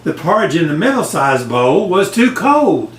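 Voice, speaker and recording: An older man reading a bedtime story to his grandchild, slow and gentle. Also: a little high, sing-song, a little hiss or hum. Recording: echoey room, voice off-mic.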